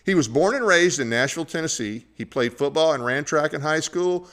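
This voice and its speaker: A man's voice: a little high, expressive, a little fast, hardly any pauses, a bit bright. A man hosting a political talk show, giving opinionated commentary in a conversational way with frequent fillers. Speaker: podcast host.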